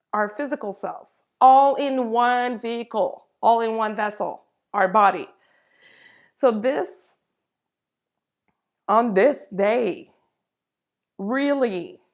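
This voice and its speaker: Slow-talking woman with a gravelly edge. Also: fairly high pitch. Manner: unhurried, earnest, drawn-out phrasing. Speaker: spiritual channel host. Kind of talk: slow spiritual monologue to camera.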